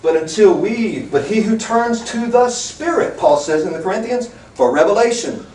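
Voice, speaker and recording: A man preaches with fervent emphasis, his voice sitting high for a man and pushing up into near-shouts. The recording is distant and echoey, as if taken from the back of a room, with faint background hiss. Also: moderate pace. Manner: animated, emphatic, rising to shouts. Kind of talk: sermon.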